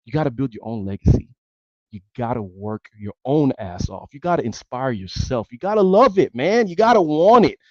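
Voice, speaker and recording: A man's voice: mid-range voice, very animated, moderate pace, no echo, dull audio. A man hosting a sports talk show, ranting angrily and emphatically with lots of repetition. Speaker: sports radio show host. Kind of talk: heated sports talk rant.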